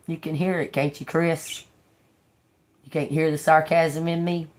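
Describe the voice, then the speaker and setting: A woman's voice: low-pitched, level tone, unhurried, long pauses, darkish tone. A woman tarot reader talking in a casual, rambling monologue, blunt, sarcastic and full of swearing, laughing between remarks. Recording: noisy home recording.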